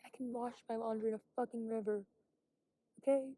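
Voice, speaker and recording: A young woman vlogs while hiking outside, talking frankly, swearing often, and occasionally lowering her voice to a whisper. She speaks briskly in a steady, mellow, higher-pitched tone, and the recording is dry.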